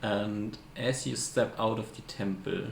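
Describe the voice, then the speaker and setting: A man's voice: lowish voice, fairly even intonation, unhurried, creaky. A man narrating a tabletop game as game master, hesitant and often searching for words. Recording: echoey room, faint hiss.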